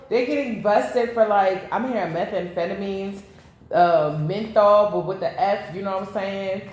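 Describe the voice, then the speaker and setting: A woman reads tarot in a loose, chatty way, blunt and quick to curse as she wanders into side stories. Her voice sits at an ordinary middle pitch. The recording rings with heavy room echo. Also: a little mellow. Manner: blunt, profane, rambling asides. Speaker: tarot reader. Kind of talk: casual tarot reading to camera. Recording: very echoey room.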